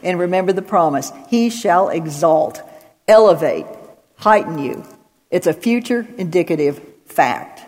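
A woman's voice: lowish voice, lively intonation, a little slow, darkish tone. A woman giving an expository Bible teaching, working through numbered points and citing scripture with emphasis. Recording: long hall reverb.

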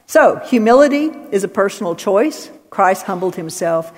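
A woman's voice: medium pitch, lively intonation, normal speed. A woman giving an expository Bible teaching, working through numbered points and citing scripture with emphasis. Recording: long hall reverb.

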